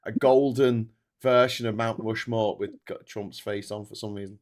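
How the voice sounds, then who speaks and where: Man, livestream host, casual chat that jumps to loud hype. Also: on the low side, normal speed. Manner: energetic, loud bursts when hyping super chats.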